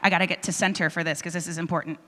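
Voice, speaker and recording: Bright-voiced woman hosting in a hall. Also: lowish voice, steady tone, racing, a little hiss or hum. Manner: enthusiastic, emotional, rallying. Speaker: host. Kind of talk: energetic stage address to a young audience. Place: large auditorium stage. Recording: reverberant hall.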